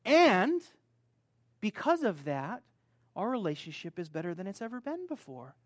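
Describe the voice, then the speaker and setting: A middle-aged man preaching a sermon, swinging between soft asides and loud, high outbursts. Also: moderate pace, no echo, studio quality. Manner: animated, rises loud and high when acting out stories. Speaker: pastor.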